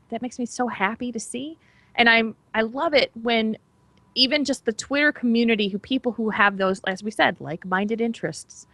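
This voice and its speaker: A woman's voice: mid-range voice, pushed and bright, no echo. A woman co-hosting a podcast in casual chat, talking with gushing enthusiasm. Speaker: podcast co-host.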